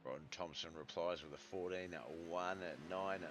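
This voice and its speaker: An Australian man commentating a live sim truck race in a relaxed, rambling way, with lots of fillers and self-corrections, his voice starting to go. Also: sits low, unhurried, heavy background noise.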